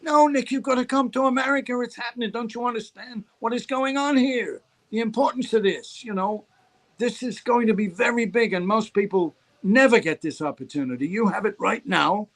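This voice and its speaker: A man's voice: very high voice, brisk, fairly bright tone, pitched above the performer's own voice, exaggerated voice. A man playing a pushy, pleading showbiz agent. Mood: urgent pleading. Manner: insistent, pleading.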